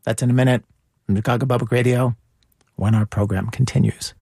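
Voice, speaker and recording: A male public radio host speaks in a smooth, even announcing manner, introducing the guest and previewing the next segment. Soft music plays under his voice. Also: mid-range voice, brisk, no room sound, clean studio sound. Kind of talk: broadcast narration.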